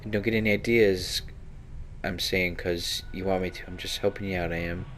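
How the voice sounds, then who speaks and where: A man's voice: deep voice, steady tone, normal speed, a bit bright, slight background noise. A man voicing a prickly, defensive young rogue woman in a fantasy game who tags her sentences with echoing endings.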